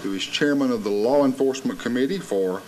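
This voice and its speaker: A man's voice: mid-range voice, fairly quick, a little mellow, slight background noise, low-quality recording. A man with a Southern American accent chairing a county commission meeting, calling votes in a formal, procedural way. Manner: formal, procedural vote calls.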